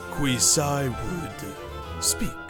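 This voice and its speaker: A man voicing a calm, ponderous stone-skinned earth genasi who speaks slowly and calls himself by name. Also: mid-range voice. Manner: slow, measured, speaks of himself in third person. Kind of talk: reading game dialogue aloud on a live stream. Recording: music playing under the voice.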